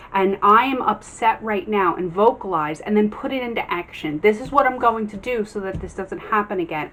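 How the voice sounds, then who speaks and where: Woman tarot reader, casual, encouraging, mid pitch. Faint background noise. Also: fairly bright tone. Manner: earnest, encouraging, many ums and restarts.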